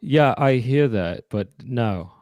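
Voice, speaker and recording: A young adult man co-hosting a casual comedic chat, laid-back and deadpan in his mock voices. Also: medium pitch, slow, no room sound. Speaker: co-host.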